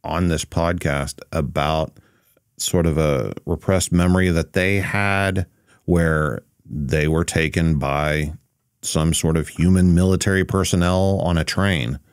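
A man hosting a podcast, answering his guest in a calm, measured way. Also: sits low, smooth, no room sound, clean studio sound. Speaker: podcast host. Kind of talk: casual interview chat.

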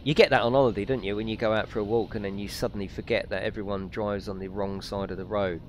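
A man chatting through a live gaming stream, excitable and talkative. His voice swings widely up and down in pitch as he reacts, and faint game sounds sit quietly behind him. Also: slight background noise. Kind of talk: live let's-play commentary, chatting with viewers.

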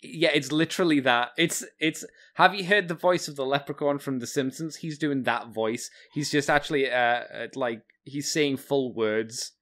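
A man's voice: mid-range voice, moderate pace, hardly any pauses, a bit bright. A man co-hosting a fan podcast in casual chat, blunt and sardonic, with the odd swear word. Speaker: podcast co-host.

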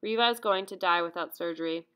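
A woman voicing a gentle, brave young female doctor who speaks softly and calmly. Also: on the low side, quick pace, clear, resonant tone, lightly acted. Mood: calm, earnest. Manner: soft, calm, pleading.

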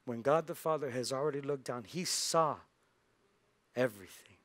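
A man's voice: medium pitch, normal speed, fairly bright tone. A male pastor giving a sermon in a church, telling a story and acting out its characters' lines. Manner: storytelling with acted-out voices.

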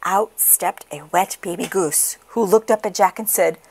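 A woman reading a children's picture book aloud in a slow, expressive sing-song. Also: mid-range voice, slightly rough. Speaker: storybook reader.

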